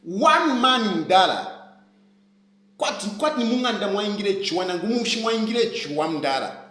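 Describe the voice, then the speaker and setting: Impassioned Zambian man, high lively voice. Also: moderate pace, reverberant, low-quality recording. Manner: impassioned, repeats phrases over and over. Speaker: opposition politician. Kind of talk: live-streamed political rant.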